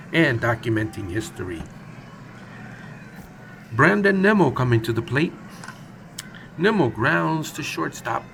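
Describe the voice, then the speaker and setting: A man with a gravelly, fry-laced voice calls a simulated baseball game in a loose, jokey play-by-play. His chatter is casual and playful, with a faint hum of noise underneath. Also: a little high, a bit bright. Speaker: gaming channel host.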